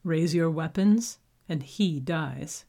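A woman's voice: deep voice, slow, creaky, warm tone, heavily acted. A woman voicing a grim, cold male warrior who speaks in terse, menacing lines.

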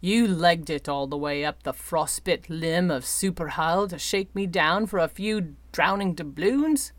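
A woman voicing a gruff, coarse-talking male airship captain who growls and speaks bluntly. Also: lowish voice, a little slow, no room sound, lightly acted.

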